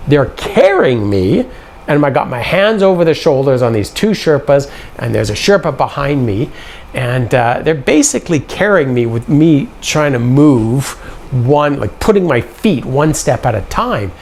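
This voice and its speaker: A man with a gravelly voice telling a personal story casually, acting out the dialogue as he goes. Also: medium pitch, unhurried, slight background noise. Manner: animated, acts out quoted dialogue.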